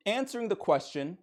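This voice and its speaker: A man's voice: high-pitched, a little hiss or hum. A young man chatting casually on a live stream in a playful, joking teacher persona, laughing often.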